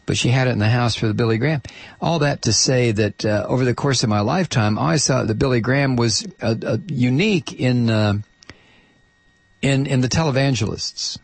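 A man's voice: mid-range voice, fairly quick, gravelly, dry recording. A middle-aged man hosting a casual opinion monologue, talking in a blunt, rambling way full of hesitations and restarts.

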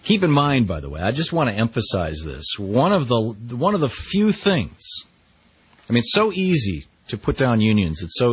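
Wry talk radio host, lively pitch. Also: male voice, normal speed, breathy edge, no echo, highs cut off. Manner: wry, conversational, quotes people in mock voices. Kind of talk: news commentary.

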